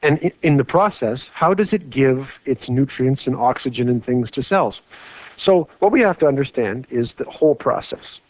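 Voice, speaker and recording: Male teacher, mid-pitched, conversational whiteboard lecture; close dry mic, slightly muffled. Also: animated, moderate pace, no room sound. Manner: chatty, asks rhetorical questions.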